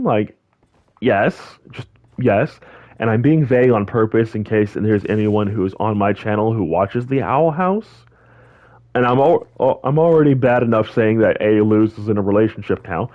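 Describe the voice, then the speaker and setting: A man's voice: mid-range voice, muffled recording. Rambling young man chatting over gameplay. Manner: rambling, animated, lots of fillers and restarts. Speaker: gaming channel host. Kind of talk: casual chat over gameplay.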